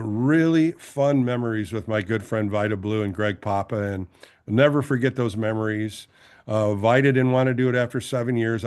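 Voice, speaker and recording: A man in his sixties, a former ballplayer turned broadcaster, telling stories as a guest in a casual interview and acting out the voices of the people he quotes. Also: mid-range voice. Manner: animated storyteller who acts out quoted voices.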